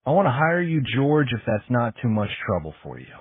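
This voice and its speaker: A man voicing an imperious elderly aristocratic woman with a brisk, commanding manner. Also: mid-range voice, very animated, husky, no room sound. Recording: tinny phone-like sound.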